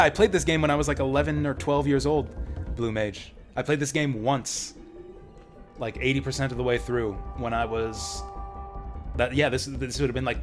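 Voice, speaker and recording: Rambling man streaming a game. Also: mid-range voice. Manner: rambling, many fillers. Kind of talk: casual game commentary.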